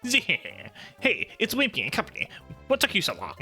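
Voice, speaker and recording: A man's voice: sits high, wildly swooping pitch, normal speed, sharp tone, faint music behind, voice pushed up, exaggerated voice. A man voicing a smug, bullying male skunk gang boss in a dude bro voice, reading game dialogue aloud.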